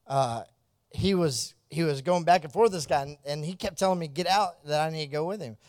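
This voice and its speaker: A man recounting a mission story in a fairly high, animated voice. He laughs often and acts out the dialogue, then goes hushed and earnest when it turns serious. The sound is bone-dry, with no room around it. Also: fairly quick, no room sound. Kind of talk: storytelling testimony.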